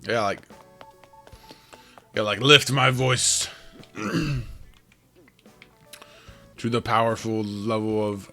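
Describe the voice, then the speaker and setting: A man chatting casually as he plays a game, with a rough morning voice, rambling and thinking aloud. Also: medium pitch, takes it slowly, pauses often, bright, forceful tone, soft background music. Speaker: game streamer. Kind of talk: casual gameplay commentary.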